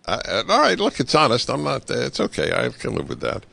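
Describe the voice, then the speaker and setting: A male talk radio host with a gravelly edge to his voice, swinging his pitch up and down as he picks apart what he hears. His delivery is sarcastic and full of wry asides. The sound is dry and close, from a studio microphone with no room around it. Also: huge pitch swings, fairly quick, bright, forceful tone, dry recording. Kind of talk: political commentary monologue.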